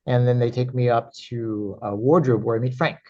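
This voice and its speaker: A man who teaches karate, telling a story in an interview and acting out his own quoted lines in a higher, animated voice. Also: moderate pace. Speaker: actor and karate teacher, podcast guest. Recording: slightly dull, lo-fi audio.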